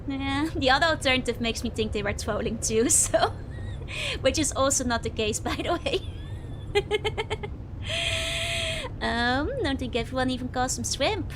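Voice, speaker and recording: A woman's voice: high-pitched, expressive, unhurried, pauses often, noisy background. Giggly Dutch woman streaming a game. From Netherlands. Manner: giggly, laughs often between remarks. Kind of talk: casual let's-play chat, reading viewer comments.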